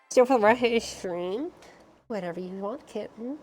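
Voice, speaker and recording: A woman streamer in casual chat with her viewers, playful and dramatic, dropping to whispers and then bursting out loud. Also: mid-range voice. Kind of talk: casual chat answering chat questions.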